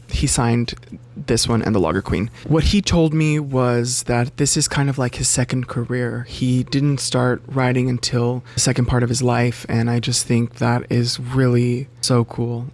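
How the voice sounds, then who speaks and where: A man talks casually to his camera in a loose, chatty vlog. His voice sits at an everyday middle pitch but leaps sharply upward when he gets worked up, and he swears freely as he goes. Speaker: bookseller and book vlogger.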